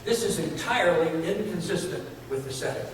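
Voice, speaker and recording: A man's voice: sits high, animated, fairly quick, a little hiss or hum. A man preaching a sermon in a church, earnest, building emphasis with repeated phrases. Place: church sanctuary. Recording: echoey hall from far off.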